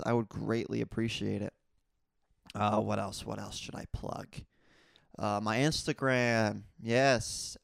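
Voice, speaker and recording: Young male podcast host, smooth clear voice, dry close sound, casual rambling delivery. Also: mid-range voice, no echo. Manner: casual, rambling with fillers and repeats. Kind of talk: solo podcast monologue.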